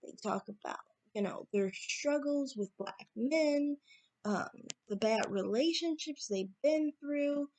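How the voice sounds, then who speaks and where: Assertive woman with a slightly high voice. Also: darkish tone. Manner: assertive, repeats points for emphasis. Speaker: YouTube commentator. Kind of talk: opinion monologue to camera.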